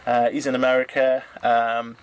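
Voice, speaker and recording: A middle-aged man from England speaks in a flat, even tone. He halts often, fills gaps with uhs and ums, and stumbles over names as he thanks his online followers. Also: mid-range voice, clean tone. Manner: halting, many fillers, stumbles over names. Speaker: drone hobbyist vlogger. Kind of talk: casual thank-you message to viewers.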